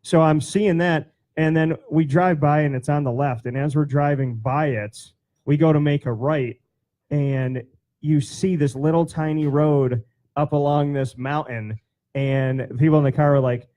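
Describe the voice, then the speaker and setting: A man's voice: on the high side, a little slow. A man hosting an interview show, chatting casually and telling long, rambling stories. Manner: chatty, animated storyteller, rambling. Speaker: show host.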